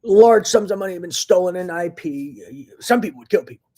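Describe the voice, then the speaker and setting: A vlogger rants angrily into the camera in a profane, agitated monologue, lurching between loud outbursts and low muttering. He is expressive and brisk.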